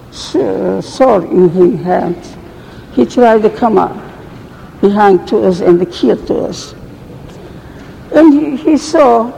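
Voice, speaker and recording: An older woman recounting her past slowly in a gravelly, mellow voice. Her English is halting and broken, full of false starts. The recording has a long reverb and a faint background hiss. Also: fairly high pitch. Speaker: survivor giving testimony. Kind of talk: oral history recollection.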